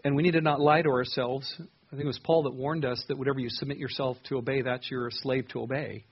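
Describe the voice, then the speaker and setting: A man's voice: mid-range voice, steady tone, fast, slightly rough, muffled recording. A man preaching an earnest sermon, reading scripture aloud and stressing words as he goes. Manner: earnest, reads scripture aloud with rising emphasis.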